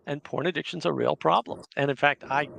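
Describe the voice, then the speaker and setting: Gravelly man hosting a casual livestream. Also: a little high, brisk, a bit bright. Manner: chatty, reads viewer comments aloud. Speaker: livestream host.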